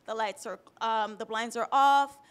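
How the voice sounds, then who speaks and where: A woman's voice: a little high, fairly even intonation, measured pace, smooth. A woman in her thirties from Jamaica, telling her own story on a panel in a candid, emotional way, close to tears at times. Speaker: panelist sharing personal story. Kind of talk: personal testimony on a panel.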